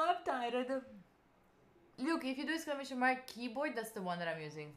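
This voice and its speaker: A woman's voice: sits high, moderate pace, fairly bright tone. A tired young Italian-accented woman in her twenties, a native Italian speaker, chatting casually with viewers during a study stream. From Italy. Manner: chatty, reads and answers viewer messages between tangents. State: tired, yawning. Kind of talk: casual live-stream chat.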